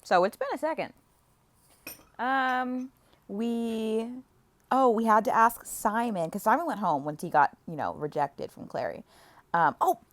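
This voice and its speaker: A young woman casually recapping a book series, chatty and playful, acting out characters' lines. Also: medium pitch. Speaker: book vlogger.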